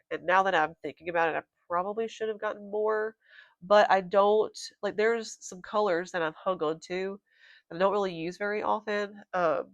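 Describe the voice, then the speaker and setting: A woman's voice: mid-range voice, no room sound. A woman vlogging about crochet in a casual, rambling, chatty way. Her voice is congested and nasal. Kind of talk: casual show-and-tell chat.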